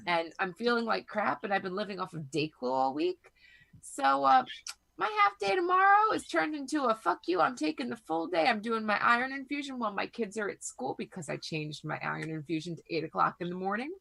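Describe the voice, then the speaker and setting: Woman, hoarse and gravelly, bright edge, swearing through casual podcast chat. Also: on the high side, lively intonation, a little fast. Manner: rambling, profane storytelling. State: hoarse from a cold. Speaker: podcast co-host.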